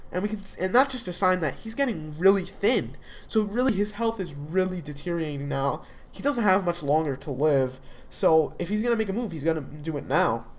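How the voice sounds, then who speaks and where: A young adult speaker recapping a TV episode in a casual, rambling way, full of fillers and restarts. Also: mid-range voice. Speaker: TV episode reviewer.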